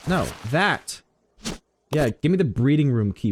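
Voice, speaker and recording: Animated man streaming a game. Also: moderate pace, noisy background. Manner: joking, animated, jumps to high exclamations. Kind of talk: casual gameplay commentary.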